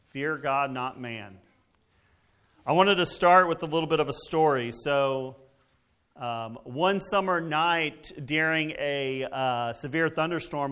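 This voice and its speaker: A man's voice: medium pitch, fairly bright tone, clean tone. A man preaching a sermon in a conversational way, with fillers and frequent check-ins with the congregation. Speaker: pastor.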